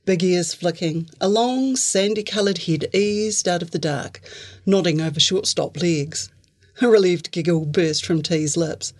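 A woman's voice: on the low side, a little slow. Woman reading fiction aloud. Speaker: author reading their work.

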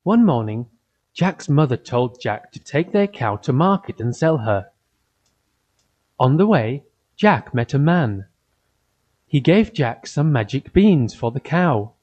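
A man reading a simple fairy tale aloud for children, in an even storytelling way. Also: mid-range voice. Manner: slow, simple, evenly paced storytelling. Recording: dull lo-fi recording.

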